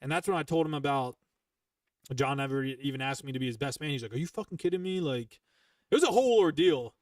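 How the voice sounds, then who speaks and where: A man's voice: mid-range voice, lively intonation, fast talker, a little mellow, dry recording, distant mic. A man hosting a podcast, telling a heated, profane story in casual chat and rambling with restarts. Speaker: podcast host.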